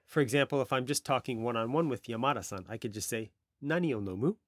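A man hosting a podcast language lesson, explaining patiently and modelling pronunciation slowly. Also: mid-range voice, dry recording. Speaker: language teacher and podcast host.

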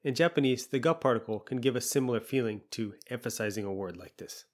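A man teaching a language lesson, patiently explaining and repeating example phrases slowly. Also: mid-range voice.

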